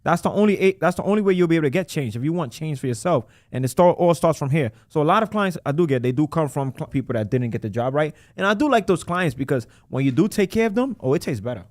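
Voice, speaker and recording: A man who runs a credit repair business, talking as a guest in a casual podcast conversation, animated and emphatic with lots of slang. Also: on the high side, quick pace, few pauses, dry recording, studio quality.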